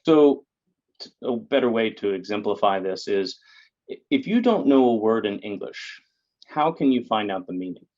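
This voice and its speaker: A man's voice: fairly low pitch, very animated, moderate pace, darkish tone, highs cut off. A man, a guest in an interview, explaining things in a lecturing way with many fillers and tag questions. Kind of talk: explanatory conversation.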